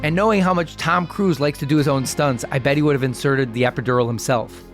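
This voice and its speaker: A podcast host reads scripted introductions full of puns, with guitar music playing faintly behind. The voice sits in an ordinary middle pitch. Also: fast. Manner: jokey, punny introductions. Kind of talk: scripted narration.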